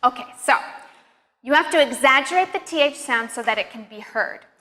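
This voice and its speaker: A woman's voice: high-pitched, animated, fairly quick, bright, forceful tone, long reverb tail, slight background noise. A woman teaching pronunciation in an upbeat, encouraging way, demonstrating each step. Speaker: accent teacher. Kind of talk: pronunciation lesson.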